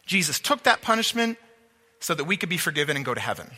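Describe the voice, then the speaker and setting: A man's voice: on the high side, sing-song, fast, pushed and bright, in a large hall. A man preaching a sermon, teaching emphatically and asking rhetorical questions.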